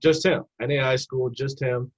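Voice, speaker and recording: A man's voice: medium pitch, normal speed. A young man, an assistant basketball coach, telling stories in a casual podcast interview and acting out the people he quotes. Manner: animated storyteller who acts out the people he quotes. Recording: dull lo-fi podcast audio.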